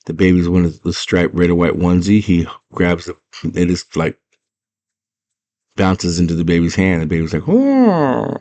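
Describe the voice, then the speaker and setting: A young man excitedly retelling a fantasy movie scene by scene, full of slang and filler words. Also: deep voice, normal speed. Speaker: movie fan retelling a film. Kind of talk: casual chat.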